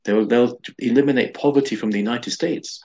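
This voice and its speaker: Gravelly-voiced man, earnest guest imam. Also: mid-range voice, fairly quick, a little mellow, dull audio. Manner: earnest, repetitive restarts. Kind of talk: conversational interview.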